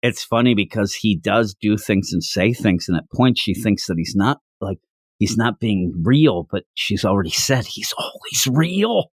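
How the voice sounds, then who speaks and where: A man hosting a manga review podcast, chatting casually in a rambling, animated way. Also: on the low side, measured pace, no echo, studio quality. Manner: animated, rambling, lots of fillers. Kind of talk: casual chat.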